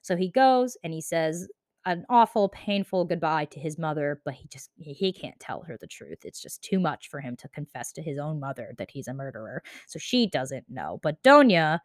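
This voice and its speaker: A woman's voice: low voice, very animated, moderate pace, no room sound, clean studio sound. A young woman casually summarizing a novel, chatty and profane, with lots of "like.". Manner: chatty, profane, says "like" often. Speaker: book explainer.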